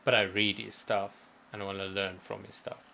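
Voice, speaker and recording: Rambling, thoughtful man with a low voice. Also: little pitch movement, normal speed, vocal fry, pushed and bright, a little hiss or hum. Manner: thoughtful, rambling, many restarts. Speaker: co-host of a gaming stream. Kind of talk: casual chat.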